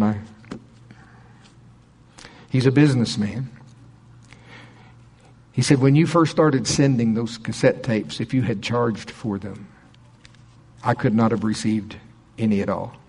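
A middle-aged man preaching, telling a story in an animated way and acting out quoted people with a raised voice. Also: medium pitch, slow pace, long pauses, breathy edge. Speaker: pastor. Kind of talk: sermon storytelling.

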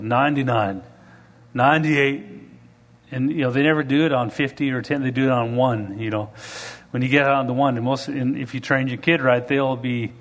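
A man preacher delivering a sermon, telling stories and acting out the people in them, building to emphatic, rising passages. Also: medium pitch. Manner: animated, rising to emphatic preaching with acted-out quotes. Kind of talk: sermon with storytelling.

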